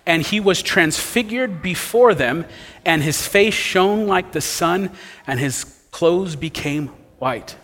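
A man's voice: high-pitched, lively intonation, slow pace, fairly bright tone, big-room sound. A man preaching an expository sermon as a pastor, asking rhetorical questions as he explains the text.

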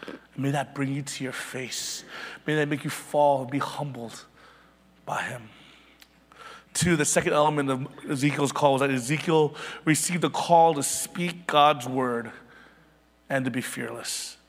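A pastor in his thirties preaching a sermon with passion, moving from loud emphatic peaks down to hushed, near-whispered lines. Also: mid-range voice, normal speed, pauses often, breathy edge. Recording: long hall reverb.

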